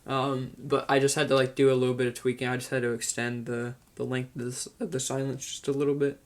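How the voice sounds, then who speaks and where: A man's voice: medium pitch, flat delivery, quick pace. A man hosting a casual director's commentary. He talks in a chatty way, laughs often and keeps restarting his sentences. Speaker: video director and host.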